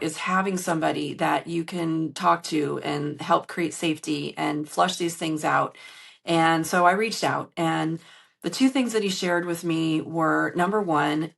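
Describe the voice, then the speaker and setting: A woman's voice: deep voice, creaky, a bit bright. A woman podcast host and business coach speaking earnestly and emotionally to her listeners, recorded on a phone in a hotel room. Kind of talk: candid solo podcast monologue.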